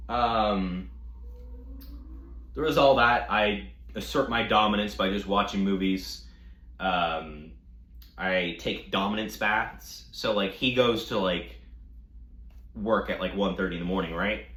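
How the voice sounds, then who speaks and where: A man telling a casual storytime rant, animated, mocking and full of profanity. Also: sits low, echoey room. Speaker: storytime vlogger.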